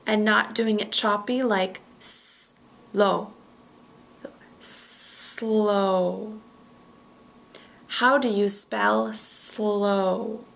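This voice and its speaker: Slow, careful woman teaching pronunciation. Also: mid-range voice, steady tone, vocal fry, a bit bright. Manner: models words carefully, repeating each one. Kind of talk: slow, deliberate pronunciation drill.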